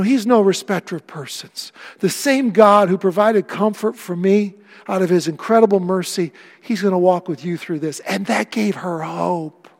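A middle-aged man preaching a sermon as pastor, swinging between loud emphatic lines and hushed, quiet ones. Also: high-pitched, creaky, long reverb tail.

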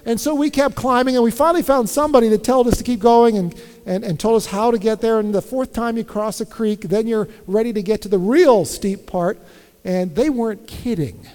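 A man with a notably high voice preaches with insistent emphasis, hammering home repeated phrases and slipping into dry humor when he tells a story. His voice rings out with a long reverb, as if filling a large hall. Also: a little fast, a little mellow. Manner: wry humor in personal stories. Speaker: pastor. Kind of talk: sermon.

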